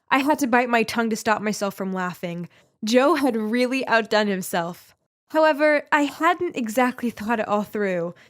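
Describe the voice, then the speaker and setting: A young woman telling a first-person story in lively, expressive scripted narration. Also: on the high side.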